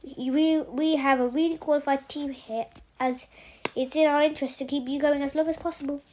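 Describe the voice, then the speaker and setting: Commanding, matter-of-fact storybook doctor, a middle-aged man voiced by a woman, higher than usual. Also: steady tone, a little fast, a little mellow, slight background noise, close to an everyday voice. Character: blunt scruffy middle-aged male doctor.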